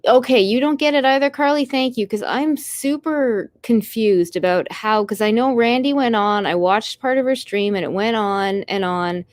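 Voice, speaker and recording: A woman's voice: a little high, moderate pace, few pauses, no room sound, clean studio sound. A Canadian woman with a Canadian accent, hosting a casual live stream, tired and rambling as she answers her chat with small apologies.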